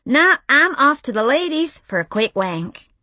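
A woman's voice: sits high, very animated, measured pace, sharp tone, no room sound, pitched above the performer's own voice, exaggerated voice. A woman reading as a brash, crude office veteran. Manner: brash, teasing, drawn out. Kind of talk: audiobook reading.

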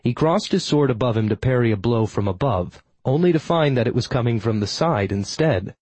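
Husky-voiced man narrating wryly. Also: mid-range voice, animated, a little fast, a little mellow, no echo, low-quality recording. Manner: wry, sardonic storytelling. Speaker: audiobook narrator. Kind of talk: first-person fantasy audiobook narration.

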